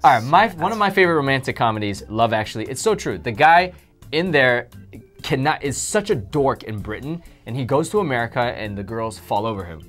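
A man co-hosting a casual chat show, animated and joking, his voice jumping up when excited. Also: medium pitch, brisk, soft background music. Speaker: co-host.

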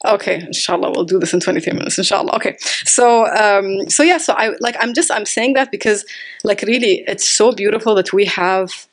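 A woman giving a casual, animated faith talk to a live audience, telling stories with lots of "like" and "you know" and sprinkling Arabic religious phrases. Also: medium pitch, fairly quick. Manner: chatty, animated storytelling full of "like" and "you know". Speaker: author and religious speaker. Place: community gathering with an audience.

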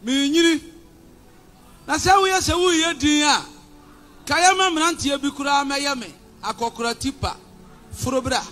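A man with a Ghanaian accent preaching a fiery, defiant sermon, shouting and mixing Twi and English. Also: very high voice, normal speed, long pauses, faint music behind. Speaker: pastor.

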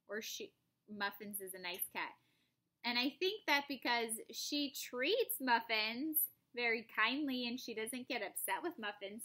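A woman teacher reading a picture book aloud to children, pausing for gentle, musing asides. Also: fairly high pitch. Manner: unhurried, musing asides to young listeners. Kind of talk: children's storybook read-aloud.

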